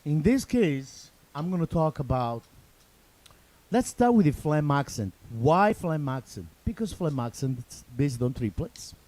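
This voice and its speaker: A man's voice: fairly high pitch, big pitch swings, measured pace, a little mellow. A man with an Italian accent teaching drum rudiments in a loose, chatty way, with repeats and restarts. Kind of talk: casual spoken drum lesson.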